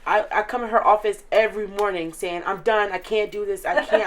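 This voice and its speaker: A woman's voice: mid-range voice, fairly even intonation, brisk, hardly any pauses, slight background noise. Earnest eighteen-year-old woman, filler-heavy. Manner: earnest and emotional, many filler likes. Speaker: interview guest, recent high school graduate. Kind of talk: casual interview chat.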